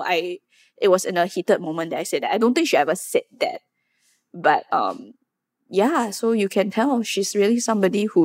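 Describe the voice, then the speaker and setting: A young woman hosting a casual pop culture podcast, chatty and lively, with many fillers, acting out quotes as she talks. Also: mid-range voice, dry recording, clean studio sound. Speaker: podcast host. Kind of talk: casual chat.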